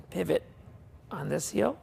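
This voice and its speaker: A woman's voice: lowish voice, creaky, a little hiss or hum. A woman leading a qigong class with chatty, folksy instructions and asides, in a fitness studio. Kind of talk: guided exercise class. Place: martial arts and fitness studio.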